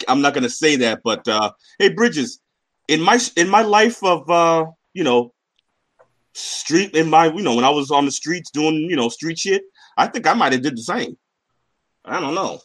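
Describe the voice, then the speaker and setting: A man's voice: fairly high pitch, animated, moderate pace, fairly bright tone. A man in a casual panel chat, telling street stories with plenty of swearing. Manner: streetwise storytelling, profane. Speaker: panel guest.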